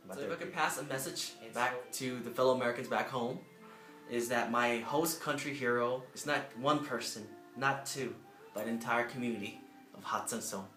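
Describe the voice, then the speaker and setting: Young man, earnest, emotional storytelling, mid-pitched voice, echoey room, faint music. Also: fairly quick, bright, forceful tone. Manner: earnest, emotional, acts out quoted people with sudden jumps in pitch. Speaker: Peace Corps volunteer. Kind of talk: personal storytelling to camera.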